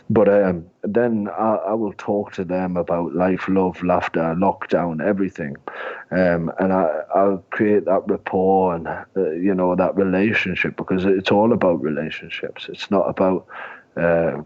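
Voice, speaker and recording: A man's voice: sits low, darkish tone, highs cut off. A man in his twenties with a Northeast English accent, a comedian guest chatting in a rambling, jokey, self-deprecating way. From Northeast England. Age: 20s. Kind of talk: casual interview chat.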